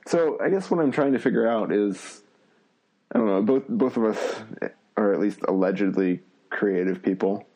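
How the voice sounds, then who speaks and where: A man's voice: fairly low pitch, normal speed, mellow, poor audio. A man in casual chat, self-deprecating and rambling.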